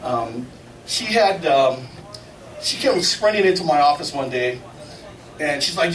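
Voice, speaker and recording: Speaking a little slowly with frequent pauses, a middle-aged man with a slightly high voice tells laughing, folksy stories in an informal eulogy. He acts out what others said, giving them lively voices, at a memorial gathering hall. The recording sounds echoey, distant, and noisy.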